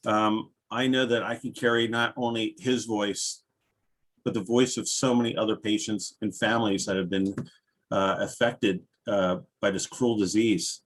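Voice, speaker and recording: A man's voice: lowish voice, steady tone, normal speed. A tearful man on a video call, giving heartfelt, rambling remarks as an advocate before introducing a speaker. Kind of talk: heartfelt remarks at a virtual panel.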